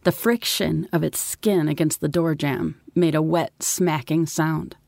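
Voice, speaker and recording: A woman's voice: sits low, fairly even intonation, a little slow, creaky, a little mellow, no room sound, studio quality. A woman reading a first-person story in a wry, sardonic way. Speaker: narrator. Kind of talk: first-person audiobook narration.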